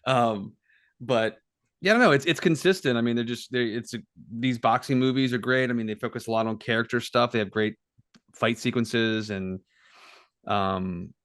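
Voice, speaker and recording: A man's voice: medium pitch, little pitch movement, normal speed, a bit bright, clean tone. A man on a movie review podcast, answering in meandering, hedging casual talk with many fillers. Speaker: podcast panelist.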